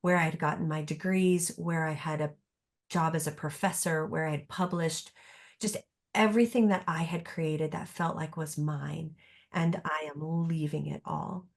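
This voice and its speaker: A woman's voice: deep voice, steady tone, normal speed, vocal fry. A middle-aged woman therapist speaking as a podcast guest, reflective and earnest, often restarting her sentences. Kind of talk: podcast conversation.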